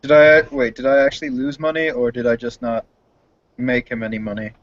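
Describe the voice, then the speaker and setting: Guy at the game table, hesitant, average pitch, muffled lo-fi sound. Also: a little fast. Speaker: player. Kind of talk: casual tabletop play. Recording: dull lo-fi recording.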